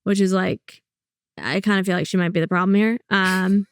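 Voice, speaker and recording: Candid young comedian, smooth voice. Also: female voice, mid-range voice, fairly even intonation, dry recording, clean studio sound. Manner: candid, blunt storytelling with quick quoted asides. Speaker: comedian guest. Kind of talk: casual interview chat.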